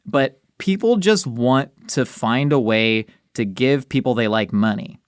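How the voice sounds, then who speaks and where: A man hosts a podcast with a mid-pitched voice, joking wryly and poking fun at himself in easy conversation. The sound is dry and close to the mic. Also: a little slow, clean tone, no room sound. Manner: wry, joking, self-deprecating. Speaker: podcast host. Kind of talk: casual podcast chat.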